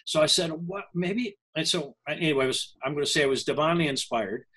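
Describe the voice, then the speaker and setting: A man's voice: on the high side, fairly quick, bright, forceful tone, breathy edge, low-quality recording. An older man, a language coach, telling a personal story in an interview, earnest and often breaking off and restarting his sentences.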